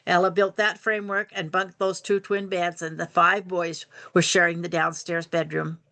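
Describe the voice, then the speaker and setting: A woman's voice: on the low side, level tone, sharp tone. Older woman telling a family story. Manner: unhurried, repeats phrases for rhythm. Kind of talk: personal family story told aloud.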